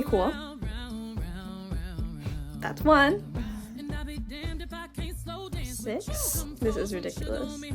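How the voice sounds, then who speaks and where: A woman vlogging as she crochets, chatting casually and explaining step by step how she works out her stitch counts. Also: on the high side.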